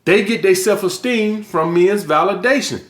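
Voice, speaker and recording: A man's voice: high-pitched, moderate pace, fairly bright tone, reverberant. A middle-aged man hosting a vlog, lecturing his viewers bluntly with heavy swearing and emphatic delivery. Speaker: vlog host. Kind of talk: blunt casual monologue.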